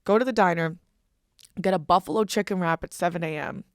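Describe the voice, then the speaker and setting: A woman's voice: lowish voice, brisk, dry recording, studio quality. Chatty young woman telling a wild story. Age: young adult. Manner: chatty, profane, laughing storyteller. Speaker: podcast host. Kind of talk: casual storytelling chat.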